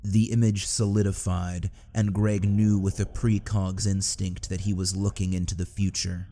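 A male narrator reads a dark tale in a steady, subdued way. His voice is low, mellow and fairly flat, with faint music underneath. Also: moderate pace. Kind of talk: scripted audiobook narration.

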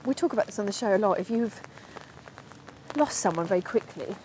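A woman podcast host rambles chattily in a casual monologue while walking through a park in the rain, laughing at herself now and then. Her mid-range voice is lively in intonation and a little fast, with background noise audible.

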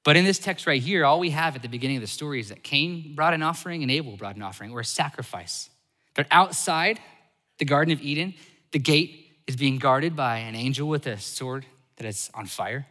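A man preaching a sermon as a pastor, animated, switching between loud emphasis and soft asides. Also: fairly high pitch, fairly quick, long reverb tail.

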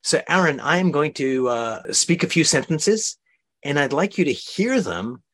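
A man's voice: on the high side, big pitch swings, measured pace, fairly bright tone. A man hosting an interview podcast, explaining ideas in a coaching, demonstrative way. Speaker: host.

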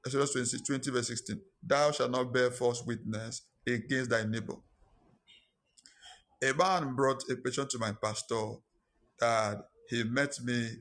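A man preaches a sermon at a mid pitch. He is emphatic and repeats his phrases to drive each point home as he tells his own story. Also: a bit bright. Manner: emphatic, repeats lines for stress.

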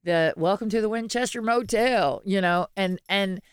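A woman's voice: medium pitch, moderate pace, clear, resonant tone, dry recording, clean studio sound. A woman, co-hosting a podcast in casual, rambling chat, laughing often and restarting her sentences. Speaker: podcast co-host.

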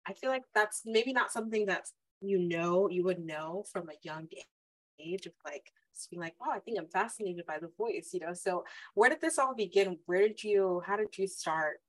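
A woman's voice: on the low side, expressive, moderate pace, no echo, low-quality recording. A woman hosting a podcast interview, asking questions in an upbeat, affirming way. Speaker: podcast host. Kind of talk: interview host.

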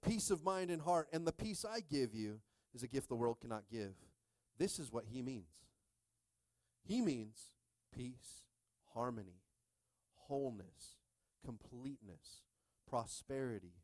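A man in his thirties preaching a sermon as pastor, animated and jokey, calling out to the congregation for responses. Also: medium pitch, no room sound.

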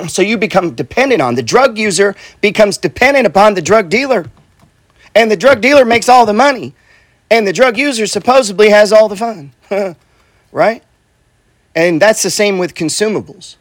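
In a high, animated voice at a moderate pace, a middle-aged investor and coach in real estate gives a relaxed motivational talk. Blunt and foul-mouthed, he repeats himself and keeps saying "right?" and "bro." The recording has no room sound.

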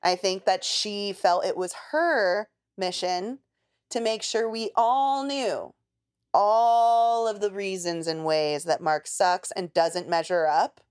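A woman's voice: medium pitch, takes it slowly, clean tone. A woman co-hosting a podcast, chatting casually about a reality show and laughing often. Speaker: podcast co-host.

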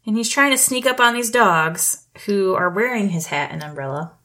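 A woman's voice: medium pitch, animated, normal speed, pushed and bright. A young adult woman co-hosting a podcast, recapping a movie in casual chat, swearing freely and acting out characters' lines. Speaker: podcast co-host.

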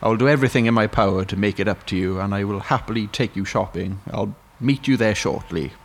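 A man's voice: on the low side, fast talker, gravelly, a little hiss or hum. A man playing a flustered young man who is sending texts by voice, in a comedy sketch. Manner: flustered, exasperated.

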